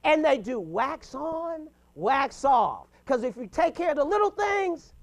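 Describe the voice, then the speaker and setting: A man in his fifties giving an animated, punchy motivational talk to a mastermind group, chuckling between points. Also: very high-pitched, takes it slowly. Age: 50s.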